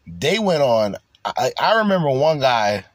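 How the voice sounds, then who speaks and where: A man doing casual reaction commentary, laughing and swearing in loose slang. His pitch swings widely as he gets worked up. The sound is close and dry, with no room around it. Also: a little slow, dry recording. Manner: animated, laughing, profane slang.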